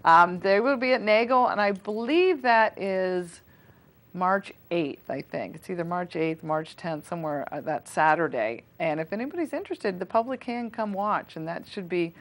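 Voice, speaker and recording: Woman in her forties, low voice, chatty guest with lots of "you know"s. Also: expressive, moderate pace. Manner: chatty, many fillers and restarts. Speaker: school foundation volunteer guest. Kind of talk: casual interview on local cable TV.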